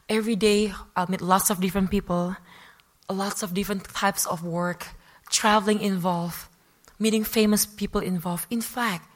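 A woman, a former fashion model, giving a personal testimony talk, acting out her own past remarks as she tells it. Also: mid-range voice. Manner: repeats and restarts phrases.

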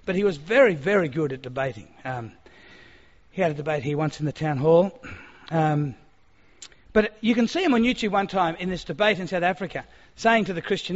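A man preaching a sermon, animated and acting out quoted speech, in a church hall. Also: high voice, a little fast. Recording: long-reverb hall, dull sound.

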